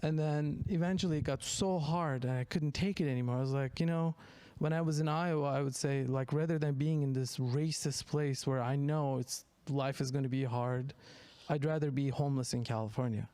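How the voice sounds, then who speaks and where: A man's voice: medium pitch, steady tone, moderate pace, few pauses, mellow, clear, resonant tone, no echo. A man, a comedian guest on a podcast, telling stories in a rambling, self-deprecating way with frequent restarts. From Turkey. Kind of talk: casual podcast chat.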